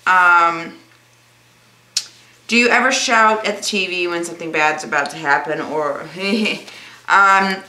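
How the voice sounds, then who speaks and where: A woman's voice: fairly low pitch, bright, forceful tone, roomy sound. A young woman answering viewer questions in a casual vlog, rambling and calling herself awkward. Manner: self-described awkward, rambling, laughs easily.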